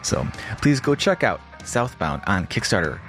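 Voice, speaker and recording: A man with a low voice hosts a casual podcast interview. He rambles in a relaxed, chatty way and swears now and then, with soft music faintly behind him. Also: normal speed. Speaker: podcast host.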